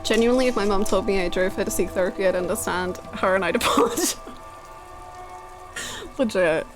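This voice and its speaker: A young woman streaming a video game from home, chatting, laughing and telling stories in an animated way. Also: medium pitch, a little fast. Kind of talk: casual chat while playing a game. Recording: music from the game behind. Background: game music.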